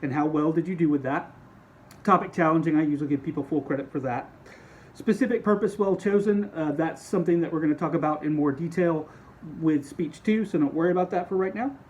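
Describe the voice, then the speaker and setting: Male speech teacher, slightly high voice, casual lecture manner, faint hiss behind. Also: darkish tone, highs cut off. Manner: casual, conversational, explains with quick demonstrations. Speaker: speech instructor. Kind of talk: recorded lecture.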